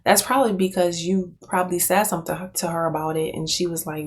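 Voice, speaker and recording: A woman's voice: fairly low pitch, steady tone, fast, few pauses. An American woman giving casual reaction commentary at home, chatty and incredulous, laughing often. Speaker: commentary youtuber. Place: room at home with a cat nearby.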